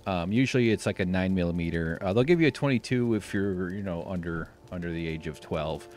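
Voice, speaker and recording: A man from the United States hosting a live stream, talking in a rambling, sarcastic way with deadpan jokes. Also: low-pitched, fairly quick, faint music behind. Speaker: livestream host. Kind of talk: casual live-stream chat.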